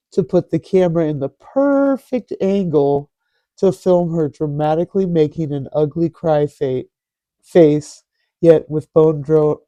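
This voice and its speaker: Sarcastic man, very dark mellow voice. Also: a little high, no room sound. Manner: sarcastic, mocking. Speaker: host. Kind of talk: casual commentary reading posts aloud.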